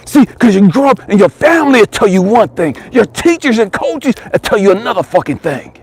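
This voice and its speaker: Husky, fired-up motivational man. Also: sits high, sing-song, brisk. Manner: profane, emphatic, repeats phrases, swings from loud to hushed. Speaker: life coach and motivational speaker. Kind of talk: impassioned motivational monologue.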